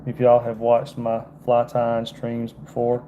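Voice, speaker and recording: This Georgia fishing guide, speaking with a Southern accent, runs a relaxed, folksy fly-tying demo on a livestream, chatting with viewers and calling them "y'all" again and again. His mid-range voice is mellow and completely flat, the pace slow, with a faint hiss or hum underneath.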